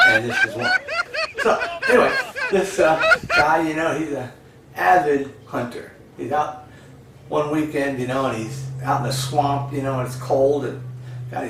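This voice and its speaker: A man's voice: mid-range voice, very noisy. A man telling old jokes in a rambling way, full of "you know" and laughing at his own punchlines. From United States. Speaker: joke teller. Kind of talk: casual joke telling. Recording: echoey room, voice a bit far from the mic.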